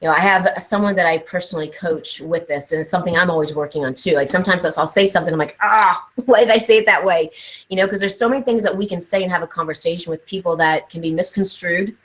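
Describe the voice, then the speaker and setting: A woman's voice: on the low side, fast talker, hardly any pauses, poor audio. A woman from Ohio, a guest on a live online interview, telling stories and acting out what people said. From Ohio, USA. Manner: animated storytelling, acts out quotes. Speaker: guest speaker.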